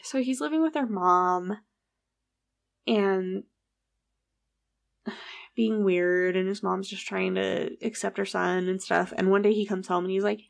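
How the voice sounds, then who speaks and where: A woman's voice: medium pitch, a little slow, vocal fry, long pauses. A woman casually telling a true story, acting out the people's lines and swearing freely. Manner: animated, acts out quoted dialogue, swears casually.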